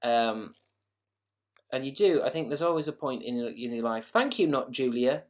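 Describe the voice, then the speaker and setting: A man's voice: mid-range voice, expressive, normal speed. A young man hosting a casual livestream, rambling and joking as he reads out viewers' comments, with plenty of swearing. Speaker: livestream host.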